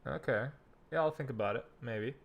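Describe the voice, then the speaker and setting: A man's voice: medium pitch, fairly quick, vocal fry. A young man hosting a crypto livestream, trading laid-back jokes in casual banter. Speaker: crypto streamer, host. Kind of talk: casual stream chat.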